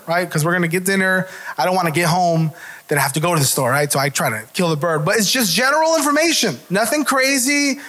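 A man's voice: high voice, fast, fairly bright tone. A pastor giving a conversational sermon to his church, often restarting his words and checking in with "right?".

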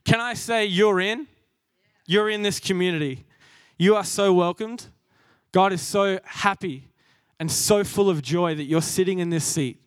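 Young aussie guy giving a sermon, fairly high voice, dry close sound, earnest and jokey. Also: a little slow, clear, resonant tone, dry recording. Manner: warm, earnest and self-deprecating, laughs at himself. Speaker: preacher.

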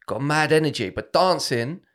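A man with a London accent and a somewhat high voice, a comedian co-hosting a casual garage podcast, swearing freely and mimicking drunk people. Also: animated, moderate pace. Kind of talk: casual chat. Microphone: home podcast mic in a garage.

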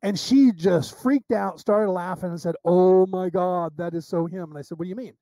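High-voiced man telling animated stories. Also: brisk, dry recording. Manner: animated storyteller acting out quoted dialogue, with restarts. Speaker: psychic medium guest. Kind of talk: casual interview storytelling.

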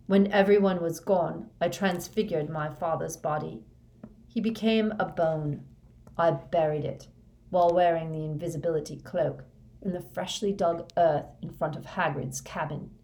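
Woman voicing a flat-toned young dark wizard. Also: lowish voice, a little slow. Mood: confessing. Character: fanatical young male dark wizard confessing.

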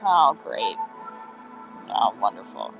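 A woman from Kentucky with a Kentucky accent, co-hosting a casual chat over a call, giggly and quick to exclaim. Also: very deep voice, wildly swooping pitch, gravelly, soft background music, low-quality recording. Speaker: podcast co-host. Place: indoors. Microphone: call audio.

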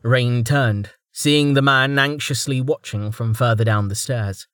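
A man narrating a fantasy audiobook in a calm, measured storytelling voice. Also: mid-range voice, no room sound, studio quality. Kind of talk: scripted narration.

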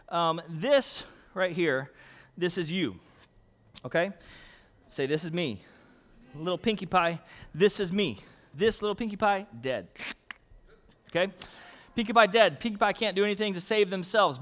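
Male pastor, high voice, lively and playful, mid-sermon, calls for responses. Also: long reverb tail.

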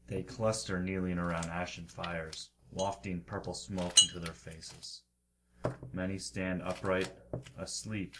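Game master, male, very low voice, measured scene narration, noisy recording.

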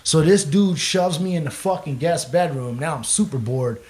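A man's voice: a little high, normal speed, a little mellow. A young man, a musician, telling a long rambling story in casual chat, swearing freely and laughing often. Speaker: guest musician.

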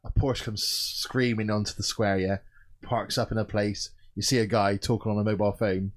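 A man co-hosting a casual podcast, telling stories in an animated way and acting out quick quoted lines. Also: fairly low pitch. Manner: animated storytelling, recaps soap plots with quick quoted voices. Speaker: podcast co-host. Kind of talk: casual chat.

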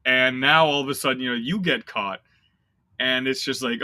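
A man's voice: medium pitch, expressive, moderate pace, bright, forceful tone, no echo. A young man co-hosting a sports podcast, ranting in casual, exasperated chat full of fillers. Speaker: podcast co-host.

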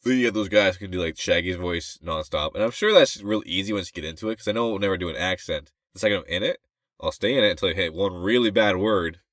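A man co-hosting a relaxed podcast, thinking out loud in loose, wandering sentences. His voice sits very low. The sound is dry and close to the mic. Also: fast talker, dry recording. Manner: rambling, musing, trails off mid-thought. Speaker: podcast co-host. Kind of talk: casual podcast chat.

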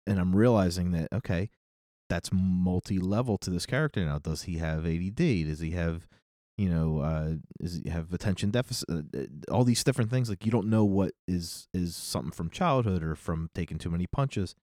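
A man's voice: deep voice, expressive, a little fast, warm tone, dry recording, clean studio sound. A middle-aged man co-hosting a podcast in casual chat, rambling and correcting himself, often laughing. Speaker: podcast co-host.

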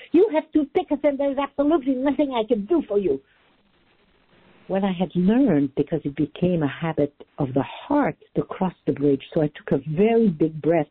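Earnest woman teacher telling a story, kinda husky, tinny phone-call sound. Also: fairly low pitch, no room sound. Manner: earnest, emphatic, reflective. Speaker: interview guest, relationship teacher. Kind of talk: storytelling in conversation.

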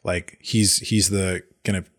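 A man co-hosting a casual movie podcast, talking in an animated way with many restarts. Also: deep voice, unhurried. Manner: animated, restarts often, acts out quotes. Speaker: podcast co-host. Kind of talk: casual chat.

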